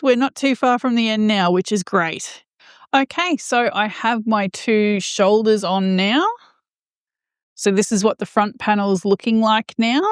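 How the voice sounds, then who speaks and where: A woman's voice: a little high, no room sound, studio quality. A woman crochet vlogger chatting casually as she explains each step of her project. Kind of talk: casual how-to narration.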